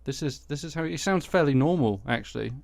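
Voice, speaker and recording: A man's voice: on the high side, expressive, fast, gravelly, a little mellow, no echo. A man hosting a satirical news podcast, commenting with sarcastic, dry asides. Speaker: podcast host.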